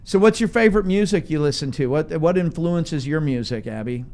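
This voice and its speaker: Southern guy from oklahoma hosting a talk show, jokey and lively, pitch all over the place. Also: fairly quick. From Oklahoma, USA. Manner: folksy, joking, animated. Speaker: radio show host. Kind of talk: casual chat.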